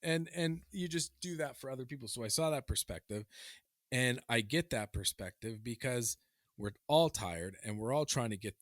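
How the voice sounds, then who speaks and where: A man's voice: medium pitch, moderate pace, no room sound, studio quality. A man co-hosting a podcast in casual chat, ranting with heat and plenty of swearing. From Canada. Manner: heated, swearing, animated ranting. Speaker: podcast co-host.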